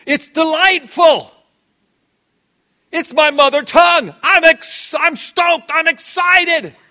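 Preaching slowly yet with great energy, a male pastor drops into quiet, low passages and then bursts into sudden shouts. The recording has its highs cut off.

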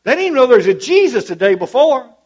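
A man's voice: very high voice, very animated, fast, darkish tone, lo-fi sound. A man preaching a sermon to a church congregation, fervent and emphatic, repeating his points for weight.

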